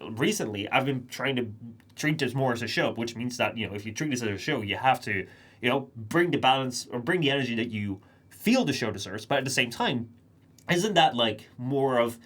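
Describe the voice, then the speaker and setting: A man's voice: mid-range voice, animated, normal speed, fairly bright tone. A young man streaming live, talking casually to his chat in a rambling, think-aloud monologue.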